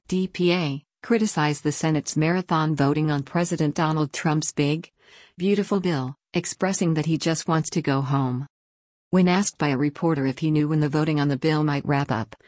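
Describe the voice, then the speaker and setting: A woman reading a news article aloud in an even, steady way. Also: low-pitched, dry recording, clean studio sound.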